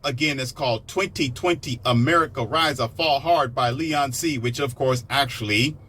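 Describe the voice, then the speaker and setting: Ranting man with sarcastic swings. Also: a little hiss or hum. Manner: animated, sarcastic, swings into mocking high-pitched impressions. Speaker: commentator. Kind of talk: ranting monologue.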